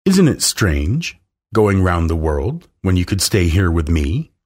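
A man voicing a brisk, firm nanny in a storybook reading. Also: low-pitched, very animated, darkish tone, husky, full character voice. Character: prim, firm nanny Mary Poppins.

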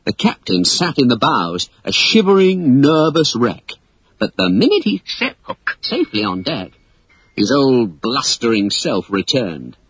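A man reading a children's story aloud as narrator, in an expressive storybook style. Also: mid-range voice, unhurried, husky, no echo, poor audio. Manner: animated, expressive read-aloud.

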